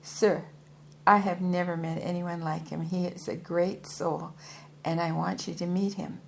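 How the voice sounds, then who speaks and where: A woman's voice: fairly low pitch, flat delivery, unhurried, vocal fry, slight background noise. A woman voicing a proud, hefty male yogi and former soldier who speaks formally and politely, calling his listener sir. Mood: earnest.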